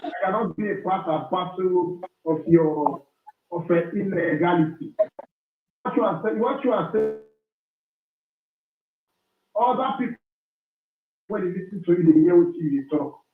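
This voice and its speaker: A Nigerian man calling in to a talk show, lecturing forcefully and repeating himself. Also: sits high, unhurried, long pauses. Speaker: caller. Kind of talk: heated call-in argument. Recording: echoey tinny phone line.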